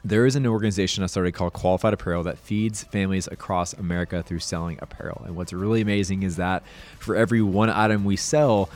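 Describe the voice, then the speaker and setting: A man's voice: deep voice, fairly even intonation, fast talker, a little mellow, faint music behind. Hyped young man hosting a podcast. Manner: hyped and enthusiastic, says dude and y'all. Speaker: podcast host. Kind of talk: upbeat podcast interview.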